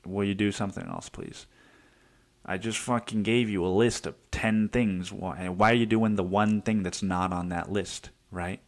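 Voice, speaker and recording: A man's voice: fairly low pitch, steady tone, moderate pace. Profane young man ranting casually. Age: 20s. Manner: profane, heated, acts out quotes. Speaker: podcast host. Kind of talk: casual storytelling monologue.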